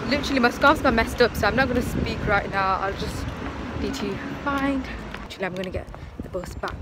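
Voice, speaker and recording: A young woman, chatting casually in a student vlog as she moves between bus stops and home. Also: mid-range voice. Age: young adult. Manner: chatty, rambling, says "literally" a lot. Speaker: student vlogger. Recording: noisy outdoor phone audio.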